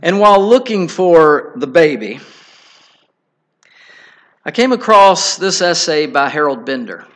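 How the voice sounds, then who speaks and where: A middle-aged man preaching a sermon, telling a personal story in an earnest, halting way with many restarts. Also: a little high, fairly bright tone.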